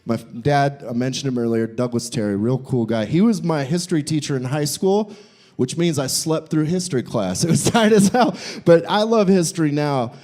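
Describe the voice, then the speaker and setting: A young man performing a live stand-up set in a brewery, animated and jumping into squeaky voices for his bits. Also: moderate pace. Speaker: stand-up comedian. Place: brewery comedy show.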